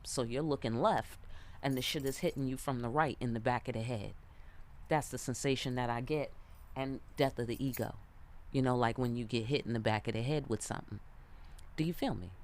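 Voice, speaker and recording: A woman giving a tarot reading in a loose, animated way, cursing freely and checking in with her listener often. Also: sits low. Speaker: tarot reader. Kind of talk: casual spoken tarot reading.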